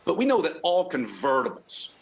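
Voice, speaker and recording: This middle-aged Southern car club member has a voice on the high side with huge pitch swings. Chatting casually in an interview, he often breaks off and restarts his sentences, using many fillers.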